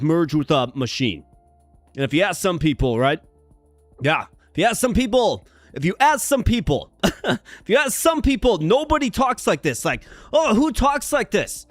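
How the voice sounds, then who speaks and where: Male game streamer, lively swooping pitch, fairly high voice, playful chat, dry sound, faint music behind. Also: dry recording. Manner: animated, playful and chatty, talking to viewers. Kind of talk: casual live-stream commentary.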